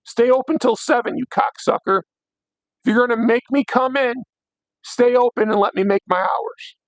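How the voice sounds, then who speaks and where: A hoarse young man hosting a late-night livestream, ranting bluntly with plenty of swearing. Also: extremely high pitch, normal speed, dry recording, poor audio. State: hoarse, voice worn out. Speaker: livestream host.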